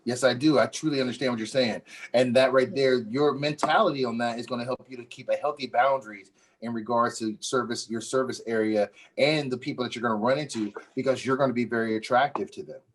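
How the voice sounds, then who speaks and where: A man's voice: medium pitch, steady tone, fast talker. A man leading a mentoring workshop over a video call, emphatic and repeating his points, jokey at first, then earnest. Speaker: workshop facilitator.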